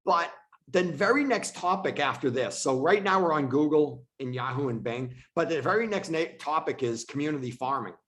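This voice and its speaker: A man's voice: on the high side, expressive, moderate pace, fairly bright tone. Man teaching real estate on a call. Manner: casual, repeats himself for emphasis. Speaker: real estate team leader. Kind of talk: online training presentation. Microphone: video call.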